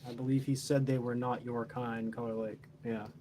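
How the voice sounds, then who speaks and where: A man's voice: medium pitch, level tone, moderate pace, warm tone, slight background noise. A man telling a story in a casual, boastful, heavily profane, rambling way.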